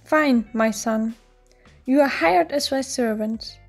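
Lordly older nobleman, read by a woman, measured, fatherly, high voice, storybook, faint music. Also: creaky, exaggerated voice.

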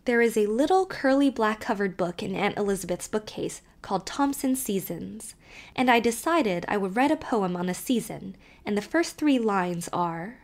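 A woman narrating an audiobook, reading a child's first-person letter aloud with expressive, varied delivery. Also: medium pitch, moderate pace.

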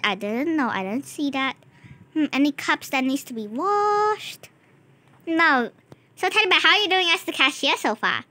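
A woman's voice: high voice, pushed and bright. A woman hosting a gaming channel, chatting to a co-player and to viewers as she narrates a role-play game.

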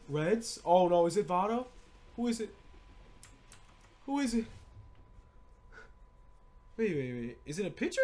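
A man's voice: sits high, measured pace, pauses often. Young guy pleading over pack openings. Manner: swings from pleading mutters to screaming excitement. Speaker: gaming YouTuber. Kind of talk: excited pack-opening commentary.

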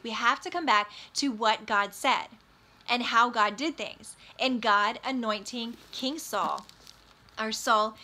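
A woman's voice: on the high side, sharp tone. A woman teaching a Bible study in an earnest, emphatic way.

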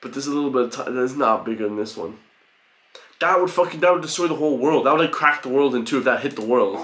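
A man giving an excitable, profane reaction commentary, full of loud exclamations. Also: mid-range voice, quick pace. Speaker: reaction video host. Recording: roomy home recording with faint music.

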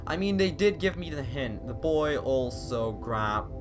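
A young man giving casual let's-play commentary, swearing often and bursting out excitedly between mumbled asides. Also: medium pitch, measured pace, over music. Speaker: gameplay video host.

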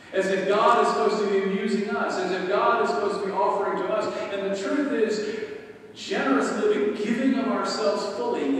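A preacher with a fairly high voice tells a self-mocking story from the pulpit. He is picked up from well back in a big church, and the sound rings with long reverb and a faint hum of room noise. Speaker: pastor. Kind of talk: sermon. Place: large church sanctuary. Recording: echoey church hall from far off.

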